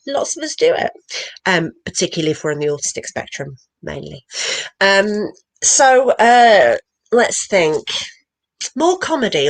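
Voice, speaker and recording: A woman's voice: fairly low pitch, low-quality recording. A woman hosting an online comedy night over a video call, talking casually and hesitantly with many fillers and a self-deprecating manner. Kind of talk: casual live-stream hosting.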